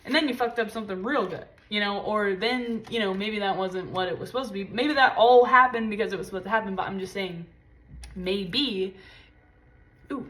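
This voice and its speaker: A tarot reader gives a casual reading, speaking intensely and swearing freely at a moderate pace in a slightly bright voice. She sinks into low murmurs and leaps to high exclamations while delivering a spiritual pep talk.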